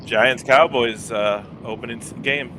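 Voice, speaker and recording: A man's voice: medium pitch, a little slow, sharp tone, a little hiss or hum. A man co-hosting a casual podcast, making wry, laid-back remarks. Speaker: podcast co-host. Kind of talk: casual chat.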